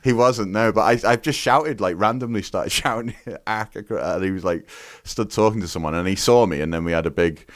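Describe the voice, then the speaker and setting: A man's voice: lowish voice, fairly quick, few pauses, no room sound, studio quality. A man from the UK chatting as a podcast guest, telling rambling stories full of fillers and restarts. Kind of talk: casual chat.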